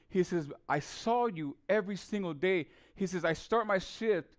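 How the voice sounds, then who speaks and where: A man delivers a testimony sermon with fervent repetition. His voice sits high and rings smooth and clear. He moves between hushed storytelling and loud pleading. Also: normal speed, hardly any pauses. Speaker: preacher.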